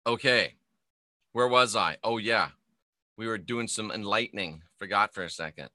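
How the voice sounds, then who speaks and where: His voice is on the low side and sharp in tone, moving at a moderate pace, recorded cleanly in a studio with no echo. This middle-aged spiritual teacher, formerly a minister, delivers an emphatic, preaching-style video monologue full of repetition and rhetorical questions.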